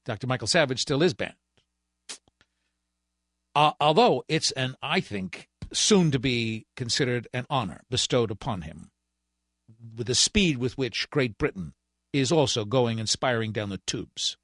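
A man's voice: mid-range voice, expressive, a little slow, a bit bright, no echo. A man hosting a political talk radio show, delivering a sarcastic, ranting monologue as a fill-in host into a studio microphone.

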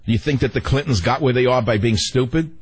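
Talk radio host, man, husky voice, sarcastic rant with big pitch swings. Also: brisk, poor audio.

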